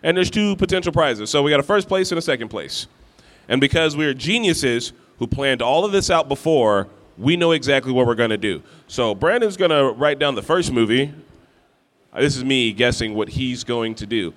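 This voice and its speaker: A man's voice: medium pitch, animated, normal speed, fairly bright tone. Joking man co-hosting a con game. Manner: easygoing, joking, calls out to the crowd. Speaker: guest co-host. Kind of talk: live game hosting banter. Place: convention stage before a live audience.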